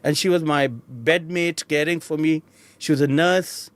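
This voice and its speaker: A middle-aged man with an Indian accent tells his life story as an interview guest. He talks in a somewhat high voice and acts out the people he remembers, switching between their voices. The tone stays animated and personal. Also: normal speed, smooth, no echo.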